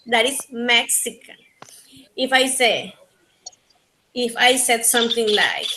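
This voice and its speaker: A woman with a Panamanian Spanish accent teaching an online linguistics class in English, her second language, repeating key points slowly. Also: fairly high pitch, sharp tone, poor audio. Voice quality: slow, repetitive teaching delivery. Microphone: video call.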